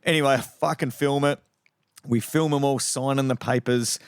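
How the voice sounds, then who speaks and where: A man's voice: mid-range voice, steady tone, normal speed, clean tone, no room sound, studio quality. A middle-aged man from Western Australia with an Australian accent, a podcast guest telling rambling anecdotes full of swearing. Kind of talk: casual storytelling.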